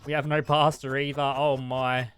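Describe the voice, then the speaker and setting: A young man commentates his game live, flustered and talking back to in-game customers. His voice is bright and forward, with a crisp, clear tone. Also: mid-range voice, little pitch movement, normal speed. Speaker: streamer. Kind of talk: live-streamed gameplay commentary.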